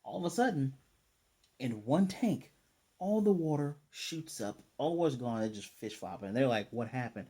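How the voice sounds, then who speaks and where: A young man casually recapping a cartoon episode, rambling and slipping into quick quoted asides. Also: medium pitch, expressive, mellow, slightly rough. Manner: rambling, retells scenes with quick voiced asides. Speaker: anime reviewer.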